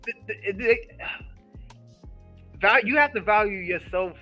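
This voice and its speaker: A man in casual chat on a podcast, talking quickly and animatedly, filling his speech with "like" and "yo" and acting out his own asides. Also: sits high, faint music behind. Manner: rapid, animated, full of "like" and "yo" with acted-out asides.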